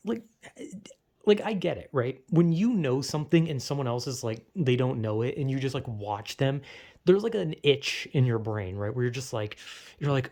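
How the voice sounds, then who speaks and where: A man's voice: on the high side, lively intonation, fairly quick, gravelly, dark tone. A young man ranting casually and profanely, exasperated, often acting out the people he quotes. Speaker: vlogger. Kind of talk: casual rant.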